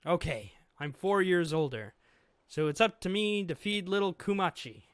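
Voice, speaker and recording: A man's voice: sits high, lively intonation, normal speed, no room sound, studio quality. A man voicing a tough, scrappy young girl who bosses and looks after her friend while he reads comic dialogue aloud. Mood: bossy.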